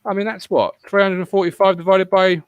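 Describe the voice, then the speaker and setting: A man's voice: high-pitched, flat delivery, brisk, clean tone, no echo, dull audio. A man hosting a casual football fan podcast, rambling and swearing freely as he chats. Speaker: podcast host.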